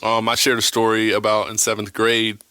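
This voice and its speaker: A man's voice: fairly low pitch, brisk, smooth, dry recording. A man from South Carolina hosts a podcast, talking casually about his school years with a lot of "you know" in his speech. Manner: relaxed, frequent "you know" fillers. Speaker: podcast host. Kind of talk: casual conversation.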